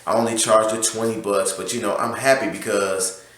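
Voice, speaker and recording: Man, lowish voice, rambling casual storytelling, lots of fillers, very echoey room. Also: fairly even intonation, normal speed, a bit bright. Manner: rambling, many fillers and restarts. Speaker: mobile car wash owner.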